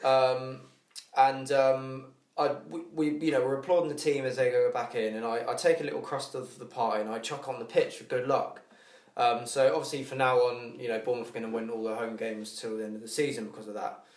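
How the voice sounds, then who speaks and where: A man's voice: medium pitch, flat delivery, fairly quick. A man co-hosting a podcast in casual chat, telling a rambling story, swearing a lot and laughing at himself. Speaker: podcast co-host. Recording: echoey room.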